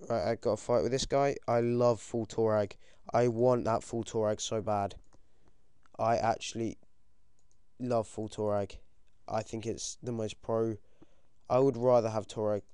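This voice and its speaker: A British teenage boy giving casual, excitable commentary over his own game, swearing often and yelping when things go wrong. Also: fairly low pitch, measured pace, smooth, no echo, clean studio sound. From United Kingdom. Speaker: gaming commentator.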